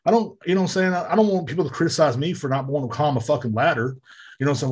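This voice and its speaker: With a rapid-fire delivery and a pitch on the high side, the American podcast host sounds a little mellow with a breathy edge. He rants casually from his home room near a street into a desk microphone, swearing a lot, rambling, and leaning on filler words.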